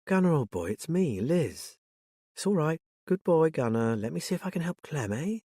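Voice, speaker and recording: A man narrating a story and voicing a calm, firm middle-aged woman, a former police officer, who gives crisp orders and then speaks gently. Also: on the high side, normal speed, no room sound, studio quality, pitched above the performer's own voice, exaggerated voice. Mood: soothing. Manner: commanding, then soothing and gentle.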